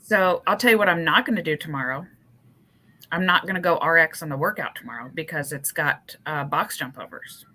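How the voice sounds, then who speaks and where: A woman in her forties co-hosts a podcast, telling lively stories and teasing her co-hosts. Her voice sits a little low, but it has a bright, forceful edge. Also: fairly quick. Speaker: podcast co-host. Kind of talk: casual chat.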